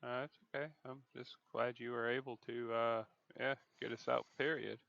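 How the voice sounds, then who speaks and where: A man's voice: medium pitch, level tone, moderate pace, vocal fry, fairly bright tone, dry recording, lo-fi sound. A man playing a tabletop game, talking hesitantly with many fillers over voice chat. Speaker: player. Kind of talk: casual tabletop play.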